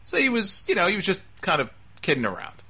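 Man, show host, ranting monologue, slightly high voice, tense and sharp tone. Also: wildly swooping pitch, fast, breathy edge. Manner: emphatic, ranting, exasperated. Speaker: wrestling talk show host. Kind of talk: opinionated monologue commentary.

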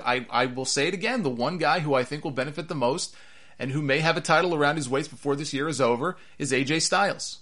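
A man delivers his own opinionated take on wrestling, animated and sarcastic, repeating points for emphasis. His voice climbs in pitch whenever he gets worked up.

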